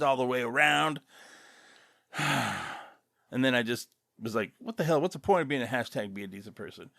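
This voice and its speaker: A man hosting his own podcast, rambling loosely and casually with chuckling asides, relaxed after an edible. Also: mid-range voice, no echo, clean studio sound. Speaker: podcast host.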